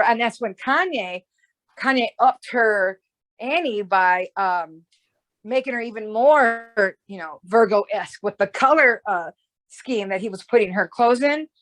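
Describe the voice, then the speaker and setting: A woman in a casual conversation, explaining ideas at length in a rambling way, often checking in with "right?". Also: medium pitch. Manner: rambling, with restarts and "right?" tags. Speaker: astrologer guest.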